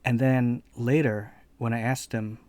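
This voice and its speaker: A man's voice: mid-range voice, flat delivery, unhurried, a little mellow, dry recording. A man hosting a gaming video channel, telling a rambling personal anecdote in casual commentary. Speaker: let's play channel host.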